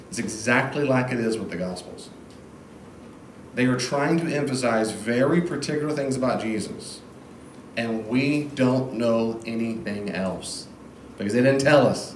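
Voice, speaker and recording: A man teaching the Bible in an informal classroom lecture, lively and acting out quoted voices, recorded in a room with a live audience. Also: mid-range voice, normal speed, a little hiss or hum. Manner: animated, acts out quoted voices. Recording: echoey room, faint ambience.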